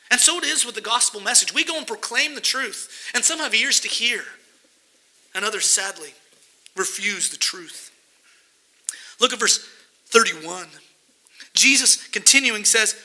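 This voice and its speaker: A male pastor delivering an expository sermon, his voice pitched very high for a man and strikingly bright and sharp. He reads scripture verses aloud and then unpacks them with earnest emphasis. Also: lively intonation, moderate pace, rough recording.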